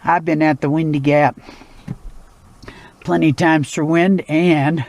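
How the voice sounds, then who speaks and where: A man talks to the camera in a relaxed outdoor vlog from a backcountry campsite, rambling with many fillers. His voice is fairly high and darkish, with fairly even intonation at a measured pace.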